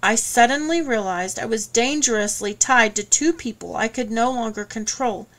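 A woman reading an audiobook in first person, steady and measured. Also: on the high side. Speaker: audiobook narrator. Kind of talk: scripted first-person narration.

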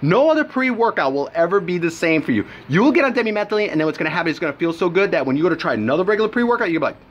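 A man's voice: on the high side, a bit bright, a little hiss or hum. A young man giving a brash, profane supplement review in a casual vlog, telling his story with lots of animation.

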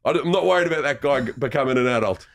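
A man's voice: mid-range voice, racing, vocal fry, no room sound, studio quality. A man chatting on a podcast, playful and teasing, swearing freely. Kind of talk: casual comedic chat.

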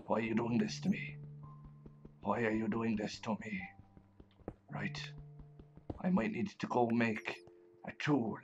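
Slow gravelly man playing a pirate. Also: fairly low pitch. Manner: growls pirate "arr" between chatty remarks. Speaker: gaming channel host. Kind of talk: let's play commentary in pirate persona. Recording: slightly dull lo-fi with faint music.

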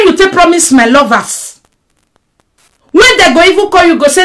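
A Nigerian woman ranting on a live stream. She swings between shouting and muttering, mixing Pidgin and English. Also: very high voice, animated, normal speed, long pauses. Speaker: social media personality. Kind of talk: emotional live-stream rant.

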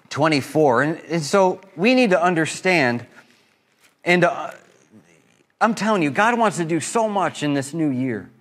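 Man, pastor, high voice, impassioned sermon, loud peaks, soft slow drops. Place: church.

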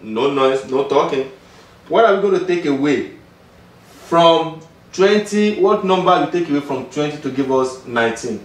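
Nigerian teacher guy, bit higher voice, drills words over n over, roomy far-off sound. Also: lively intonation. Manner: repeats words slowly, drills pronunciation. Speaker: Yoruba language teacher. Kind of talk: patient classroom teaching.

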